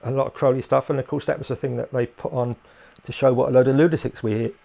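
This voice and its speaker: A man's voice: mid-range voice, steady tone, quick pace, creaky, warm tone. An older man from England, a guest in a casual interview, who rambles and hesitates with many fillers and restarts.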